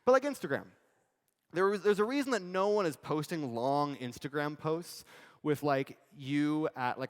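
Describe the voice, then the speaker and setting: A man preaching a sermon, his mid-pitched voice relaxed and conversational as he drifts into casual asides and then back to his point. The sound carries the long reverb of a church sanctuary. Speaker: pastor.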